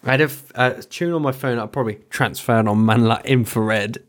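A man co-hosting a casual podcast, speaking. He rambles from story to story, swears freely and breaks into quick bursts of talk, his voice sitting at an ordinary middle pitch. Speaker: podcast co-host.

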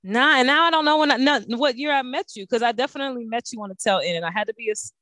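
A woman in her thirties hosting a podcast, chatting casually with lively, profane banter. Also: a little high, rapid-fire, no room sound. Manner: animated, profane, laughing banter. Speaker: podcast host. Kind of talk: casual chat.

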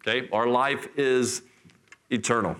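A middle-aged man preaching a sermon in church, telling a scripture story with lively, acted-out voices. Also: medium pitch, unhurried. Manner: animated storytelling, acts out voices. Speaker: pastor.

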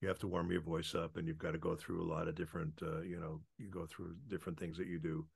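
A man, a voice actor, rambles through anecdotes in casual interview chat, with many filler pauses. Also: sits low, little pitch movement, gravelly, breathy edge. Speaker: voice actor guest.

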